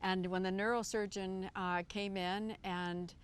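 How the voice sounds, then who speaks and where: A woman's voice: mid-range voice, little pitch movement, unhurried, clean tone. Woman telling an earnest testimony. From United States. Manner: earnest, vivid storytelling with acted quotes. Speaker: witness giving testimony. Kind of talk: personal testimony.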